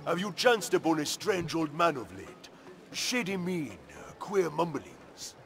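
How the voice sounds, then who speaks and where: A man's voice: fairly high pitch, sing-song, measured pace, creaky, heavily acted. An actor playing a courteous male knight in a fantasy game, speaking in formal, archaic phrases over game music. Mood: courtly. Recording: game audio under loud music.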